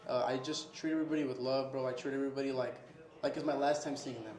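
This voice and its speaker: With faint music behind him and a reverberant room, a young restaurant owner talks quickly in a mid-range, slightly mellow voice with fairly even intonation. Interviewed casually at his restaurant, he says "bro" often and acts out little scenes with customers.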